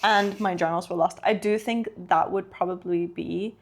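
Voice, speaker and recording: A woman's voice: lowish voice, steady tone, normal speed, slight background noise. A young woman co-hosting a podcast in casual chat, teasing and laughing often as she tells stories. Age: young adult. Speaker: podcast co-host.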